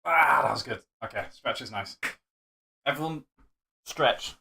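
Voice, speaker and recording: A man's voice: medium pitch, unhurried, vocal fry, background noise. A young man from Yorkshire with a light Yorkshire accent, chatting casually on a live stream, reading chat aloud and laughing often as he rambles. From Yorkshire, England. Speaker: livestream host.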